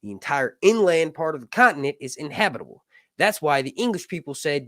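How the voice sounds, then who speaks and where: A man's voice: a little high, big pitch swings, a little fast, sharp tone, no echo, studio quality. A man hosting a casual livestream chat, rambling and joking, often cutting himself off mid-sentence and swearing offhandedly. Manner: rambling, self-interrupting, joking. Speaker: YouTube channel host.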